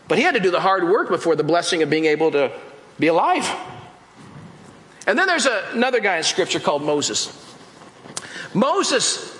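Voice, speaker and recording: A man with a high, bright voice delivers a relaxed, storytelling sermon. He slips into playful voices for the characters as he goes, and the sound bounces around an echoey room. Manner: animated, acts out Bible scenes in voices. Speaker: pastor. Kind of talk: casual sermon.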